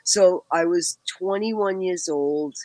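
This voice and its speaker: A woman's voice: on the low side, slow, mellow, no echo, rough recording. A woman in her sixties with a Boston accent, a guest telling stories in a casual chat and laughing often between phrases. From Boston, USA. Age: 60s.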